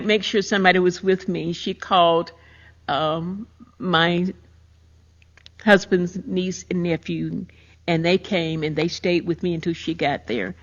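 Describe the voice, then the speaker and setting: Older woman retelling a painful story. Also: lowish voice. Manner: emotional, emphatic retelling. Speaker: podcast host. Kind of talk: personal storytelling. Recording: muffled lo-fi recording.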